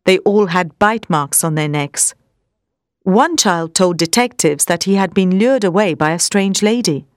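A woman narrating a storybook in a steady, measured way. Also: lowish voice, no room sound, studio quality. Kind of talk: storybook reading.

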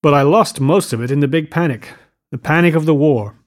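A man's voice: fairly high pitch, a little fast, lightly acted. A man reading the part of an eager, showy wealthy young man who boasts and keeps saying "old sport".

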